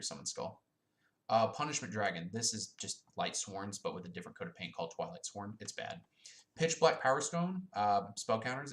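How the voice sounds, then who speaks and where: A man's voice: fairly low pitch, a bit bright. A young man giving blunt, profane, casual commentary on his own, dismissive and full of filler ums. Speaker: YouTuber ranking card game decks.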